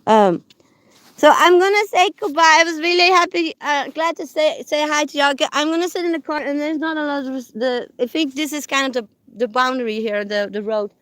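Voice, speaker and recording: A woman chatting on a live stream from her parked car, rambling with many fillers and restarts, and softly cooing to her dogs. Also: high voice, brisk, no echo. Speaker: livestreamer. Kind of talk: casual live-stream chat. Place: parked car on public land.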